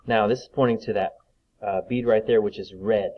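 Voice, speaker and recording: A man teaching young children to read, slowly sounding out letters and words with patience. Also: on the low side, steady tone, dull audio. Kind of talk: reading lesson for young children.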